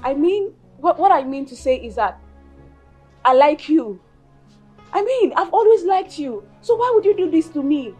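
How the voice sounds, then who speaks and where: A Nigerian actress playing a jealous young woman who feels betrayed, shouting accusations and slipping into Pidgin. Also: high voice, sing-song, moderate pace, faint music behind. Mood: angry, hurt. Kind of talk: film acting.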